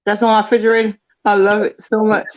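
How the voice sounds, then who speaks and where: A woman answering interview questions effusively, excitable and laughing. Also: medium pitch, quick pace, dry recording, highs cut off.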